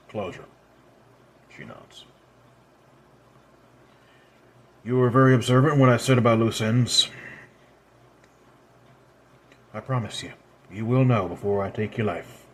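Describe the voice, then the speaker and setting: A man's voice: lowish voice, moderate pace, long pauses, a little hiss or hum, lightly acted. A man voicing an ancient, proud red-haired immortal woman who speaks in a commanding, scolding way. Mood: wry.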